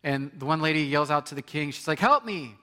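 A man's voice: a little high, little pitch movement, fast talker, sharp tone, smooth, big-room sound. A man preaching a sermon as pastor, conversational, asking the congregation questions and acting out quoted people.

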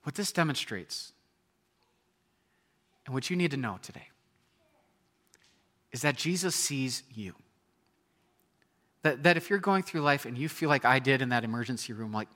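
A man in his thirties preaching a sermon, telling a personal story with animated storytelling and acting out scenes with sudden loud outbursts. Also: medium pitch, moderate pace, pauses often. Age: 30s. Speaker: pastor.

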